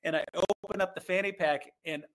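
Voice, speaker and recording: Excitable man, fairly high voice. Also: a little fast. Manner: excitable, acts out his own quotes. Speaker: former game show contestant. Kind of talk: casual group chat.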